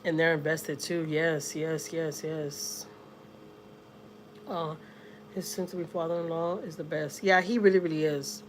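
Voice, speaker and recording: A vlogger from Houston, Texas, with a Southern accent chats casually on a livestream from inside her home, blunt and salty, occasionally talking to her cat. Her voice sits low, steady and a little slow, with slight hiss or hum in the recording.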